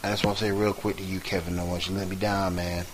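A man co-hosting a casual wrestling chat, animated and emphatic, laughing often. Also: low-pitched, fast talker, crowd noise, rough recording. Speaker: wrestling show co-host.

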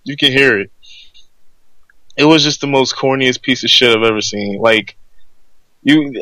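A man's voice: medium pitch, a bit bright, dry recording. A man co-hosting a wrestling podcast, talking casually in a mocking, profane way and laughing often. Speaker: podcast co-host.

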